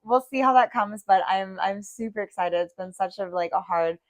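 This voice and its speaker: A woman's voice: mid-range voice, normal speed, no echo. A young adult woman co-hosting a podcast, telling personal stories candidly and emotionally, with frequent swearing. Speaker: podcast co-host. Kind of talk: casual chat.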